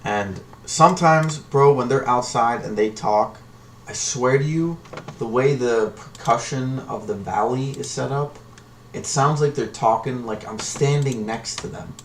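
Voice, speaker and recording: Speaking at a measured pace in a mid-range voice, this man hosts a live stock trading stream in a casual, rambling, slangy manner. The mic is some distance away, picking up faint noise.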